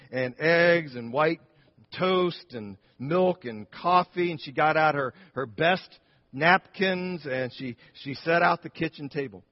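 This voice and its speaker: A man preaching a sermon and telling a story in a conversational way, with asides and restarts. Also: on the high side. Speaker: pastor. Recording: dull sound with long church reverb.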